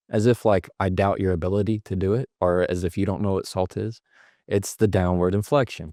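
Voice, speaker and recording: A man's voice: on the low side, a little fast, darkish tone, no echo, clean studio sound. A man speaking as a guest, giving conversational advice and stopping to act out short example lines. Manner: illustrates points with acted-out sample lines.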